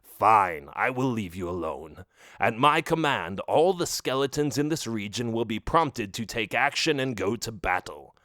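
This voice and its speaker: A man's voice: fairly low pitch, lively intonation, a bit bright, dry recording, studio quality. A man voicing a scheming male skeleton chief of an undead army, sinister and gloating in an audiobook for children. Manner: sinister, gloating, with slow deliberate threats.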